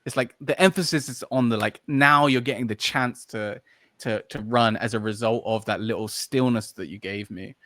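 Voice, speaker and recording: A man who trains dogs is guesting on a podcast, chatting casually and at length in an interview, with plenty of fillers and restarts as he hunts for words. His mid-range voice is fairly bright and moderately paced, captured in a dry, clean studio recording.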